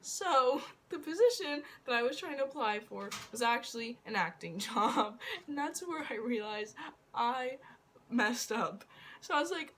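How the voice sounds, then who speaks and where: A woman's voice: high voice, animated, measured pace, fairly bright tone. A young woman vlogger telling a rambling story, laughing often and poking fun at herself. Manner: giggly, rambling, self-mocking. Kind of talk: casual storytelling.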